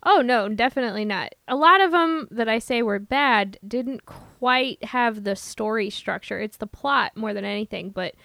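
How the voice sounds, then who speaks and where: A woman's voice: on the high side, moderate pace, vocal fry, hardly any pauses, bright, forceful tone, no room sound. A woman with a Midwestern accent co-hosting a podcast in casual, bubbly chat. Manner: bubbly, giggly. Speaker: podcast co-host.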